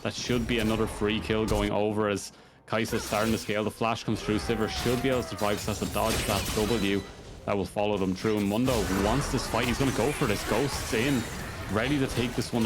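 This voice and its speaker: Male esports caster, low voice, quick play-by-play, music bed underneath. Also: steady tone. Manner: fast play-by-play with rambling asides. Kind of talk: live esports commentary.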